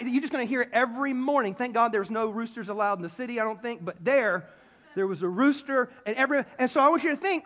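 A man from South Carolina preaching a sermon to a live audience, telling the story in a lively way, acting out voices and adding playful asides. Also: very high-pitched. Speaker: pastor. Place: large hall before an audience. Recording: long hall reverb.

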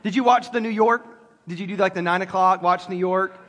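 A man's voice: sits high, brisk, a bit bright, long reverb tail. A man preaching a sermon, joking with the congregation and talking straight to them. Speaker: pastor. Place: church sanctuary.

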